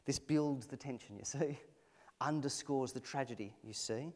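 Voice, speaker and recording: A man preaching a sermon in a conversational, expressive way, asking his listeners rhetorical questions. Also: medium pitch, moderate pace. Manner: expressive, shifting emphasis.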